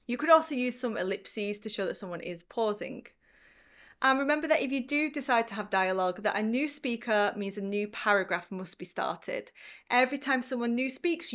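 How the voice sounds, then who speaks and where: A woman's voice: mid-range voice, a bit bright. A woman English teacher explaining writing tips in a casual, chatty video lesson.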